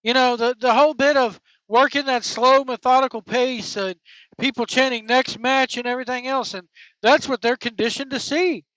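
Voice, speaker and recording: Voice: sits high, fairly even intonation, moderate pace, a bit bright, no echo. A wrestling podcast host on an angry, profane opinion rant, blunt and heated. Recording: dull lo-fi dry recording.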